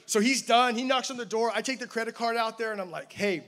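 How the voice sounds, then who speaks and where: A man's voice: very high-pitched, quick pace, a bit bright. A man preaching a sermon as pastor, telling a personal story with self-deprecating humor. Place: church campus service.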